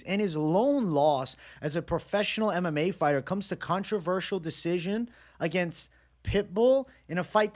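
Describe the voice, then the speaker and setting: A man with a fairly high voice talks through fight predictions on his own. His delivery is energetic and loose, full of slang and casual asides. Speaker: MMA betting analyst. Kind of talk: casual solo breakdown.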